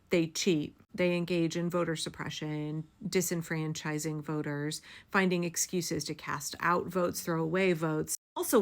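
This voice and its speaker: A woman giving impassioned, blunt political commentary straight to her audience, swearing for emphasis. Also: on the low side. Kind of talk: direct-to-camera political commentary.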